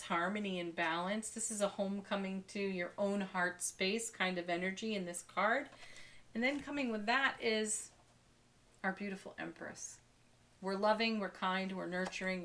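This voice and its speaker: Gentle woman giving a tarot reading. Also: medium pitch. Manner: soft, spiritual, gently enthusiastic, laughs often. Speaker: tarot card reader. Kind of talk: daily tarot reading to camera.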